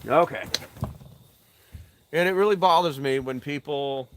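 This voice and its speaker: A man's voice: fairly high pitch, unhurried, a bit bright, no room sound. An older man hosting a casual live-stream chat outdoors by a fire. He is blunt and swears, and he drives his points with emphatic rhetorical questions. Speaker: channel host answering live chat.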